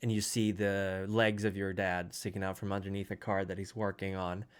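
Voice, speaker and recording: A man narrates a tabletop role-playing session as game master, thinking aloud and pausing as he goes. His voice sits low and deep. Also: little pitch movement, clear, resonant tone. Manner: hesitant, thoughtful narration with fillers.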